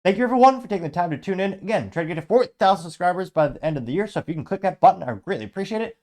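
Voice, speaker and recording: A man hosting his own political commentary show, reading out viewer comments in a rapid, blunt and sarcastic way while running on lots of coffee. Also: high voice, expressive, darkish tone. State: over-caffeinated. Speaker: host.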